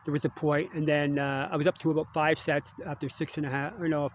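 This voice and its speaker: A man's voice: on the high side, flat delivery, fast talker, a little hiss or hum. An older man talking in a rambling, casual monologue, digressing often and ending lines with tag questions. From Canada. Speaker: musician vlogger.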